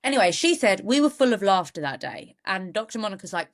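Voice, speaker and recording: Woman podcaster, mid-pitched, casual true-crime storytelling with wry tangents. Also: sing-song, fast talker. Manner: chatty, goes off on jokey asides. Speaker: podcast co-host.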